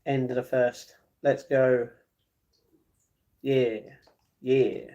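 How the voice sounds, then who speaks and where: A man's voice: mid-range voice, little pitch movement, drawn-out words, mellow, dull audio. A man from London with a London accent, chatting casually on a live stream, reading out chat messages and answering them with frequent chuckles. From London, England. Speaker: livestreamer. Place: at home.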